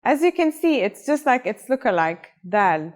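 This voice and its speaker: Her delivery is sing-song and moderately paced as this language teacher takes viewers through a scripted lesson step by step. She has a somewhat higher voice and an upbeat, encouraging manner.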